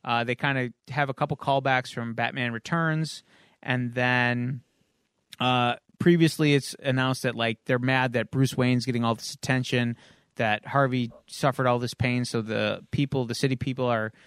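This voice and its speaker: A man of middle pitch with a smooth, resonant voice, recorded dry and close. He walks through a comic plot in a casual, rambling way, with plenty of ums and uhs. He sounds like a podcast host chatting with friends. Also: steady tone, normal speed, a bit bright, no room sound. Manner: loose, rambling retelling with frequent um and uh. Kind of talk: casual chat recapping a comic issue.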